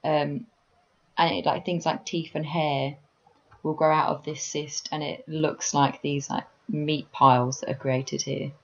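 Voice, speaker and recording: A woman's voice: deep voice, little pitch movement, unhurried, muffled recording. A woman co-hosting a podcast, talking in a dry, matter-of-fact way and plainly explaining things in casual chat. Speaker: podcast co-host. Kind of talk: casual chat reviewing an anime episode.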